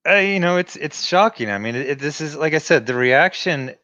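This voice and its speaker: A man's voice: fairly high pitch, lively intonation, moderate pace, bright, forceful tone, no room sound, highs cut off. A man from the United States, a guest on a casual podcast, talking in a hesitant way with many restarts.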